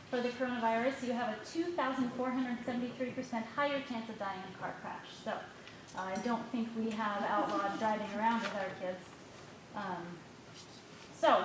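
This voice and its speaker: A woman speaking as a parent during public comment at a school board meeting, reading quickly and pointedly from her notes. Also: fairly high pitch. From United States. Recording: echoey hall with faint noise.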